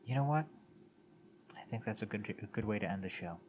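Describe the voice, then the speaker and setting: A man's voice: on the low side, animated, a little fast, a little hiss or hum. Dry, sarcastic man. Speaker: podcast co-host. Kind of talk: casual chat.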